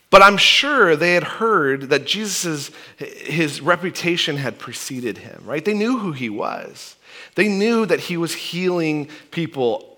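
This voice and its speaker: Bright-voiced man preaching a casual sermon. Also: on the high side. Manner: conversational, animated preaching with frequent restarts and "right?". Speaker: pastor.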